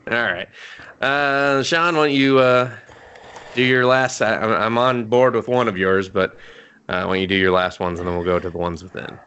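A low-voiced man co-hosts a relaxed podcast chat. He talks excitedly and swears freely while recapping a show. His tone is gushing and informal. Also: moderate pace, clear, resonant tone, muffled recording. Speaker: podcast co-host.

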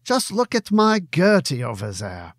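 Guy doing a jolly german bar owner, fake german accent, slow and teasing, dry close mic. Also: a little high, wildly swooping pitch, dry recording, pitched above the performer's own voice. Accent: put-on German. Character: jovial middle-aged German tavern keeper, teasing.

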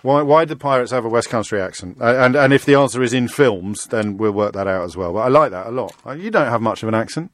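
A man's voice: medium pitch, lively intonation, no room sound. Male radio host, joking and teasing, close dry studio mic. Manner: bantering, teasing, quick asides. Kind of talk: casual radio chat.

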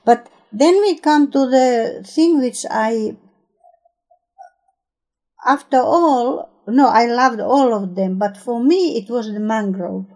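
Enthusiastic woman with a mellow voice. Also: on the high side, takes it slowly. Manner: enthusiastic, searching for words, non-native grammar. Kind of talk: casual chat about films.

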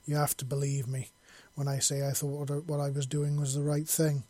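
A man's voice: on the high side, completely flat delivery, normal speed, mellow, no echo, close to an everyday voice. A man reading the part of a haunted, remorseful male alien judge who speaks in a broken, pleading voice.

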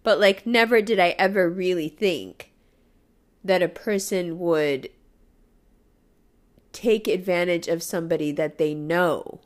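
A woman's voice: fairly low pitch, a little slow, long pauses. A woman in a candid personal monologue, emotional and raw, swearing freely, laughing and tearing up by turns.

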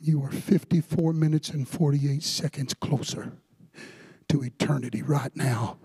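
A man preaching a fervent sermon in a church sanctuary, rising to shouts. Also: a little high, fairly even intonation, unhurried, breathy edge, no echo. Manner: fervent Southern-style preaching, building to shouts.

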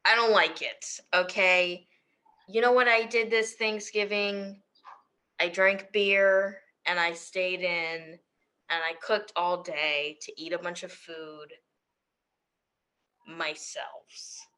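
A woman's voice: fairly low pitch, steady tone, takes it slowly, bright, forceful tone. A young woman co-hosting a podcast, chatting casually with frequent giggles and self-deprecating jokes. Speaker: podcast co-host. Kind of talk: casual chat.

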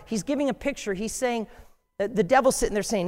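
A man preaching a sermon, animated and jokey, acting out voices from scripture. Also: extremely high pitch, brisk. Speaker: pastor. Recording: long hall reverb.

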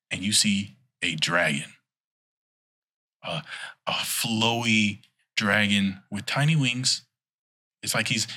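A man's voice: low-pitched, bright, forceful tone, husky. A man in casual chat, telling a rambling, playful story as a podcast co-host.

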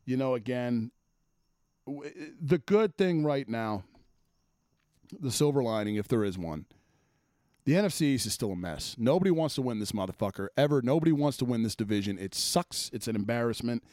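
A man's voice: mid-range voice, expressive, moderate pace, darkish tone, no echo, clean studio sound. Blunt profane man ranting about sports. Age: adult, former offensive lineman. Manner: blunt, swearing, exasperated. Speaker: sports talk host.

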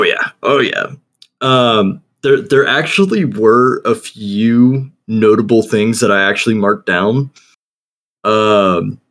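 A man co-hosting a casual chat, talking haltingly with many fillers and restarts, laughing often. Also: on the low side. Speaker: podcast co-host.

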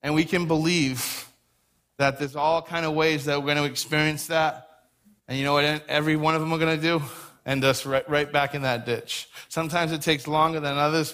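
Pastor guy giving a sermon, high bright voice, animated, acts out little dialogues. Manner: animated, acts out quoted voices, repeats words.

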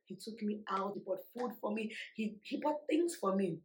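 A woman vlogger telling a personal story to her viewers in an emphatic, animated way, laughing often. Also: mid-range voice, normal speed, a little hiss or hum, rough recording. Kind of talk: storytime vlog.

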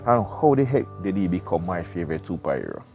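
A man's voice: low-pitched, very animated, quick pace, music in the background. A man, reading a book aloud and breaking off into rambling, chatty asides as a podcast host. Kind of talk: casual reading with side commentary.

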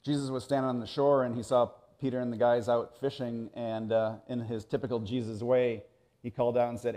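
A man preaching a sermon, telling the story with animated swings between loud bursts and hushed moments. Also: mid-range voice, moderate pace. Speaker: pastor.

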